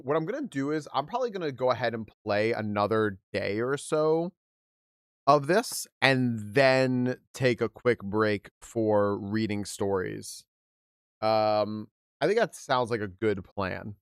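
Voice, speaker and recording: Man, live game streamer, casual chat, lively pitch, dry close mic. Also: measured pace, clean tone, no room sound. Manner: chatty, animated, greets chat by name. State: hiccuping.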